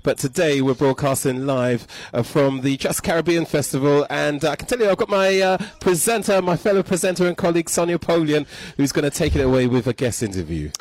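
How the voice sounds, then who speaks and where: A man's voice: fairly high pitch, lively intonation, brisk, hardly any pauses, darkish tone, no echo, poor audio. A man radio presenter doing a live link and handing over to a colleague. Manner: announcing station and handover.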